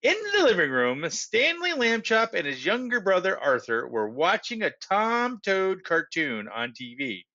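A man reads a children's story aloud with an expressive, animated delivery. His voice sits high, bright and lively in its rise and fall. The recording is dull and lo-fi. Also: unhurried, few pauses.

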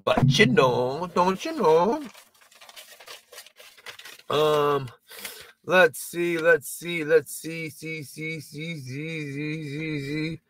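A man's voice: a little high, extremely slow, pauses often, a little hiss or hum. A man doing a casual stand-up monologue to camera, rambling and self-deprecating, swearing and stumbling over restarts. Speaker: comedian and video creator.

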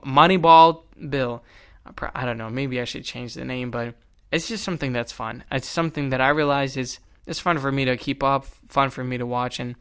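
A young man hosting a solo podcast, telling stories in an animated, exasperated way. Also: medium pitch, clear, resonant tone. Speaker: podcast host.

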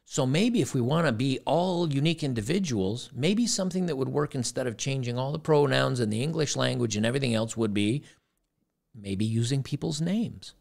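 Gravelly man with sarcastic asides. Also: mid-range voice, expressive, fairly quick, darkish tone. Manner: rambling, repeats words, sarcastic asides. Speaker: commentary channel host. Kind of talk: casual reaction commentary.

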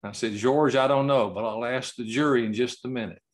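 A man giving an award acceptance speech over a video call, telling a story slowly and haltingly and choking up at times. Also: medium pitch. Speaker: award recipient.

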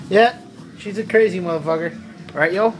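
A woman filming a friend's cat, talking casually with lots of swearing, giggling and squeaky baby talk aimed at the pet. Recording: noisy home video.

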